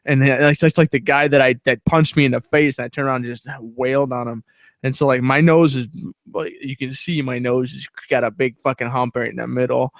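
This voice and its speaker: Male podcast co-host, blunt and profane, rambling fillers, mid pitch, dry mic. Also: fairly even intonation, fairly quick, creaky, no echo. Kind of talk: casual storytelling chat.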